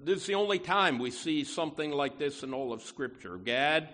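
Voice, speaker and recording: A man's voice: a little high, lively intonation, normal speed, fairly bright tone. A man preaching a conversational sermon in a folksy way, full of asides and stressing key words. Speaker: pastor.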